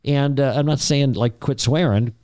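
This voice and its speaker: A man's voice: mid-range voice, normal speed, a little mellow, clear, resonant tone, no echo. A man who is a guest on a podcast, chatting casually in a studio and telling stories, sometimes mimicking other people's voices. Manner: storytelling, slips into mimicking voices for jokes. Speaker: podcast guest, Christian apologist. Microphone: studio microphone.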